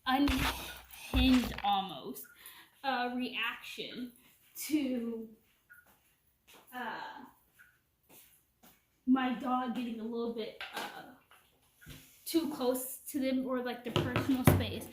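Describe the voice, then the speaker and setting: High-pitched woman, rambling casual storytime, echoey room, camera set back. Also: fairly even intonation, very slow, long pauses. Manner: rambling, heavy use of "like" and "you know". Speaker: vlogger. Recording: echoey room, from a distance, faint noise.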